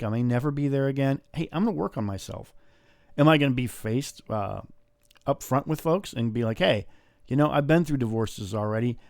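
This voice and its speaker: A man's voice: mid-range voice, a little mellow, no room sound, clean studio sound. A man hosting a podcast, giving a blunt motivational monologue with casual swearing. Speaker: podcast host.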